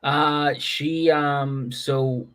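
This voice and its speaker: A man's voice: fairly high pitch, steady tone, very slow, a bit bright. A man co-hosting a comedy podcast, telling stories in casual chat and acting out the quotes. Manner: jokey storyteller, acts out quotes. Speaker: podcast co-host.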